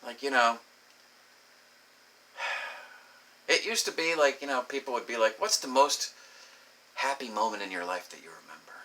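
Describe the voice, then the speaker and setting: A young man telling a crude comic story, profane and animated, acting out the voices in his quotes. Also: mid-range voice, a little slow, long pauses. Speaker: comedic storyteller. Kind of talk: crude comedic monologue.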